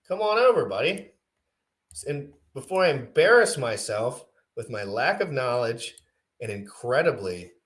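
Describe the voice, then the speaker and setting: A man co-hosting a casual crypto livestream, rambling and self-deprecating, getting excited between tangents. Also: mid-range voice. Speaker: livestream co-host.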